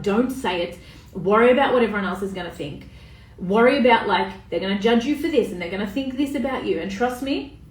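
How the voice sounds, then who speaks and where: Chatty woman, echoey room. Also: mid-range voice. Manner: chatty, swears, greets viewers by name. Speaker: coach. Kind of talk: casual live-stream talk. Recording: echoey room, voice a bit far off.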